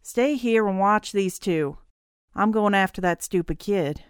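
A woman's voice: mid-range voice, unhurried, smooth, no echo, clean studio sound, close to an everyday voice. A woman reading an audiobook voices a ruthless, scheming male killer who talks in a cold, gloating way. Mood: menacing.

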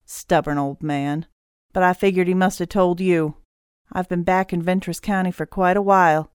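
A ruthless male villain from an audiobook, gloating and cold as he lays out his grudges, as a woman narrator puts him on. The voice is smooth and low-set, and the recording is dry and close. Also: fairly even intonation, moderate pace, no room sound, close to an everyday voice. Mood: resentful.

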